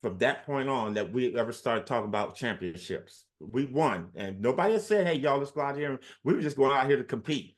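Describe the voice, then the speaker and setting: An older man in his sixties telling stories as an interview guest. He is lively and animated and acts out what others said, often speeding up or slowing down for effect. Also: medium pitch. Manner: animated storyteller, acts out quotes. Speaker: former basketball player, guest. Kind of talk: storytelling in an interview.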